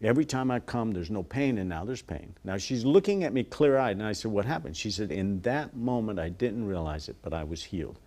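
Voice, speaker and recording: A man in a TV interview, earnestly telling a story and acting out quoted voices softly. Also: lowish voice, lively intonation, fairly quick, few pauses. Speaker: guest, ministry worker.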